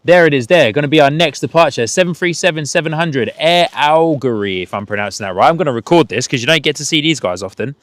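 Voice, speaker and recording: A man's voice: fairly high pitch, lively intonation, fast, few pauses, a bit bright, dry recording. A man hosting a casual live stream outdoors at an airport, chatting, laughing often and reading out chat messages.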